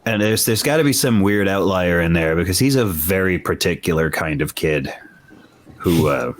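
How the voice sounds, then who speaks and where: Deep-voiced, lively man chatting. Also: normal speed. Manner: animated, self-deprecating storyteller. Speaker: podcast guest. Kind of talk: casual chat.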